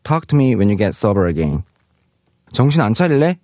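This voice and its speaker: Fast-talking man teaching Korean words. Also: fairly low pitch, big pitch swings, darkish tone, no echo, studio quality. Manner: reads example sentences aloud, then translates them. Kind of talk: explaining vocabulary.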